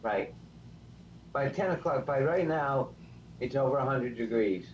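A man's voice: medium pitch, lively intonation, a little slow, a little hiss or hum. Agreeable man on a muffled line. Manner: agreeable, short assents, dry. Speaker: panel guest. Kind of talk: casual chat.

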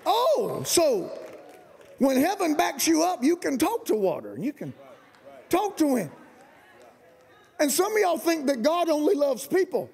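A man preaching a fiery sermon as guest pastor, shouting and colloquial. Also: extremely high pitch, wildly swooping pitch, measured pace, creaky, long pauses, some chatter behind. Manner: shouting, colloquial, Southern-style preaching with rising emphasis. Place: large camp meeting venue.

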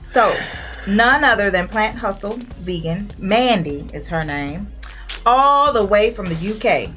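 A woman, chatting casually to viewers as she hosts a food review vlog and tells a lively story. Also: medium pitch, a little slow, soft background music. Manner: animated storyteller, addresses viewers directly. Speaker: vlog co-host.

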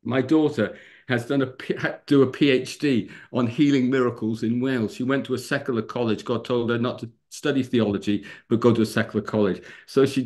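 A middle-aged man, a pastor, tells stories on a video call in a lively way, laughing often and acting out the people he talks about. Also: mid-range voice. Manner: lively storyteller who laughs and acts out the people in his stories. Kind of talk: storytelling talk on a video call.

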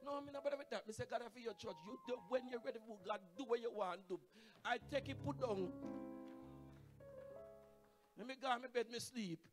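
A man with a Jamaican accent, preaching a Pentecostal sermon as guest evangelist. He calls out to the congregation and swings from quiet asides to shouted, sung climaxes. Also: very high-pitched, a little fast, music in the background. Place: church sanctuary.

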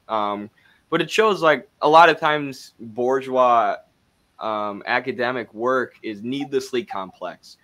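A man's voice: medium pitch, a bit bright. A man with a Wisconsin accent, co-hosting a casual discussion in a loose, chatty way full of fillers. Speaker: co-host.

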